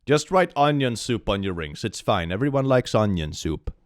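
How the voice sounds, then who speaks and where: A man's voice: lowish voice, sing-song, normal speed, no room sound. A man hosting casual comedy reaction commentary, sarcastic and laughing often. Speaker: host.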